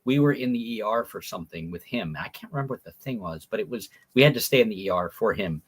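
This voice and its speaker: A man co-hosting a podcast, telling animated, profane anecdotes in a husky voice. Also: on the low side, fast. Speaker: podcast co-host. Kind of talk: casual storytelling.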